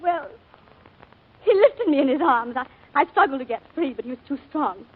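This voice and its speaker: A shaken planter's wife telling of a shooting, high lively voice, halting and emotional, 1940s radio acting, tinny old broadcast. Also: female voice. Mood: distraught.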